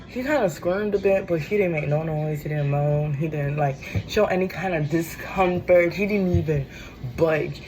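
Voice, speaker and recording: A woman's voice: deep voice, music in the background, poor audio. A woman telling a storytime rant in a casual vlog, blunt and sassy. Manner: blunt, sassy, drawn-out and expressive. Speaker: vlogger. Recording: noticeable background noise.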